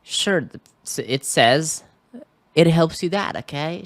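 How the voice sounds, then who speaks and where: A man's voice: a little high, sing-song, takes it slowly, creaky, no echo. A man teaching English in a screen-recorded tutorial, talking hesitantly and often checking in with the listener. He records indoors at a computer microphone. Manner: hesitant, keeps checking in with "okay?".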